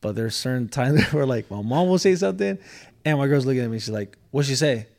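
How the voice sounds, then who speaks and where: A man's voice: medium pitch, lively intonation, fast talker, vocal fry, a little mellow. A man chatting casually on a podcast, laid-back and slangy, swearing freely.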